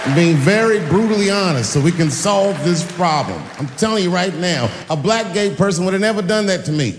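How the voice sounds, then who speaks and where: A middle-aged man with a high-sitting voice moves fairly quickly through a stand-up set, telling stories and acting out voices with animation. Recorded live in a large venue, the clip has long reverb, a noisy background, and a crowd audible behind him.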